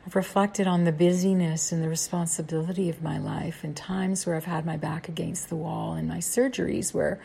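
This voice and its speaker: A woman around sixty hosting a guided meditation talk, speaking in a hushed, whispery, gentle way. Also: deep voice, level tone, vocal fry, a little hiss or hum. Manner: gentle and unhurried, with drawn-out pauses. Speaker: meditation podcast host.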